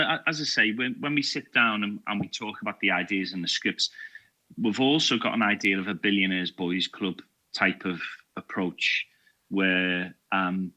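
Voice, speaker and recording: Man, podcast guest, low-pitched, bright tone, chatty, self-deprecating. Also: rough recording. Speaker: podcast guest, security trainer. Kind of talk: casual chat.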